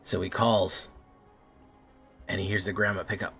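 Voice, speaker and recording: A man's voice: low voice, little pitch movement, moderate pace, sharp tone, faint music behind. Rambling, joking man streaming a card game. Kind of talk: casual gameplay commentary.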